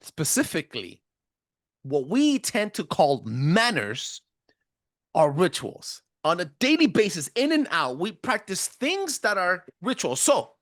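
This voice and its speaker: A man with a self-described thick accent, hosting a podcast and giving a casual presentation in an emphatic, animated way. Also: moderate pace, dry recording, studio quality. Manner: animated, emphatic, swinging pitch. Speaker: podcast host.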